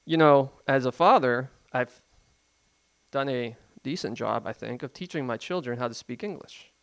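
A pastor preaching a sermon in a conversational, emphatic way, full of rhetorical questions. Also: male voice, mid-range voice, normal speed, vocal fry, a bit bright, clean tone.

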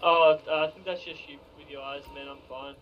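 A man's voice: on the high side, fairly even intonation, brisk, lightly acted. A man playing an easygoing Aussie paramedic. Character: calm young male paramedic on duty. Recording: dull lo-fi sound.

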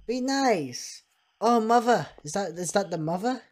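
Woman streamer, casual gameplay chat, reads dialogue aloud, medium pitch. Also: lively intonation, unhurried, darkish tone. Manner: chatty, reads character lines in varied voices.

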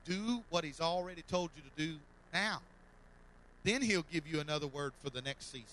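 Pastor man preaching hard, bright sharp voice, kinda high, loud then quiet, repeats himself a lot. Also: moderate pace, low-quality recording. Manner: fervent, repetitive preaching that swells loud then drops soft. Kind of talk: sermon. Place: church sanctuary.

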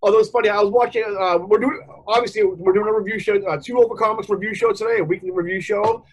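A man's voice: sits high, quick pace, breathy edge, poor audio. A man co-hosting a casual comics review show, rambling and chatty with frequent laughs. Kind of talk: casual podcast chat.

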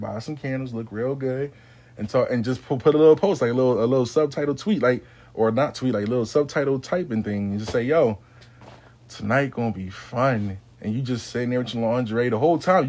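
A man's voice: mid-range voice, a little mellow. Profane, rambling man giving advice. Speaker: spiritual adviser to clients. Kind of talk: casual advice monologue.

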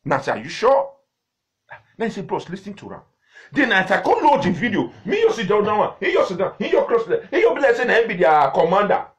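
A Nigerian-accented man hosting a live stream, talking in a rambling, conversational flow. His voice is fairly high for a man and swings up and down a lot as he goes. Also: huge pitch swings, fast talker, hardly any pauses. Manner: chatty, repeats himself, talks to viewers directly. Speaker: host of a live video. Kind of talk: casual live-stream commentary in pidgin.

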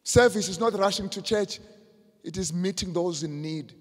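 A man preaching a sermon as pastor, swinging from quiet asides to shouted emphasis. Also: sits high, normal speed, husky. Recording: long hall reverb.

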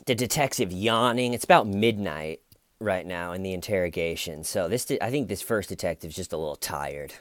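A sardonic man with a somewhat low voice talks through a case in loose, rambling commentary. He jokes and mocks as he goes, and the sound is dry and close with no room echo. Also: expressive, normal speed, fairly bright tone. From United States. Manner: sardonic, mocking, rambling with restarts. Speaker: true crime commentator. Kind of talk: casual video commentary.

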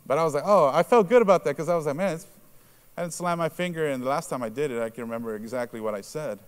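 A man's voice: fast talker, clear, resonant tone. A man preaching a sermon in a conversational way, asking the congregation questions and adding "right?" to his points. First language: Spanish. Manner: acts out quoted reactions in a lowered voice.

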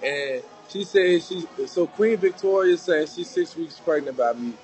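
Chill guy on a live stream, kinda high voice, talks slow and unsure. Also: a little mellow, low-quality recording. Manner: laid-back, hesitant, with fillers. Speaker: livestream guest. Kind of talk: casual chat.

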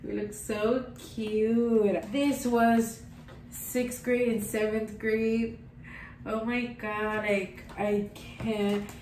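A woman's voice: fairly high pitch, flat delivery, extremely slow, darkish tone, echoey room, distant mic, a little hiss or hum, poor audio. A young woman, gushing sentimentally as she talks to camera in a casual vlog. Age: young adult. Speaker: vlogger.

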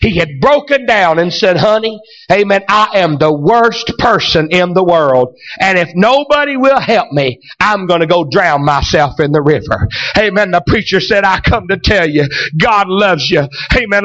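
High-pitched preacher, shouting. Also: male voice, expressive, moderate pace, muffled recording. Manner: storytelling that builds to shouted preaching. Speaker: pastor. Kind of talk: sermon.

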